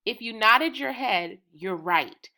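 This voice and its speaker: Slow, bright-voiced woman teaching toddlers. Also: fairly high pitch, animated. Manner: encouraging, drawn-out, rhythmic chanting. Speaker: preschool teacher. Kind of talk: slow, sing-song lesson for small children.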